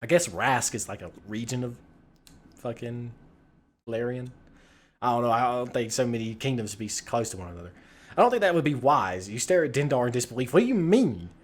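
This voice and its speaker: A man's voice: mid-range voice, fairly quick. An American man streaming a text adventure game, giving casual, rambling commentary full of swearing and laughter. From United States. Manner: rambling, profane, laughs often.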